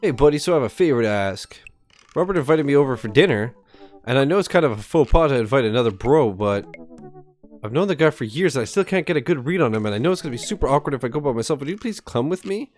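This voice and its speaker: A man's voice: medium pitch, expressive, fast talker, a little mellow, faint music behind, close to an everyday voice. A man voicing an awkward, friendly dad who hesitantly asks a favor in a game. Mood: pleading.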